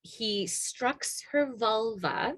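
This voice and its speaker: A woman's voice: fairly high pitch, animated, very slow, a bit bright, no room sound. A woman guest casually retelling old myths in conversation, hesitant, with many fillers and restarts.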